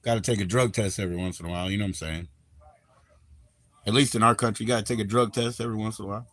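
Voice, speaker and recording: A man's voice: fairly low pitch, steady tone, a bit bright, no echo. Laid-back man streaming. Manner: laid-back, rambling, drawn-out slang. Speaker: live streamer. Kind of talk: casual live-stream chat.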